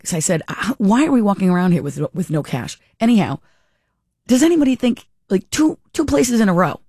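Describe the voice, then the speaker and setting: A woman's voice: fairly low pitch, darkish tone, husky, dry recording, clean studio sound. A middle-aged woman telling a rambling, casual story, chatty and amused, often correcting herself mid-sentence. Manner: chatty and rambling, with frequent restarts and self-corrections.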